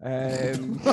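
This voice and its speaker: A man's voice: mid-range voice, vocal fry, warm tone, slight background noise. A man hosting a comedy game show over a video call, teasing the players and laughing at his own jokes.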